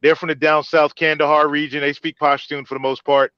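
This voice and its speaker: A high, bright man trading casual podcast banter, animated and joking as he tells stories. His voice is tight and dry, close to the mic, and the sound is a little dull. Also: clear, resonant tone, no echo. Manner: animated storyteller, quick and joking. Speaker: podcast host.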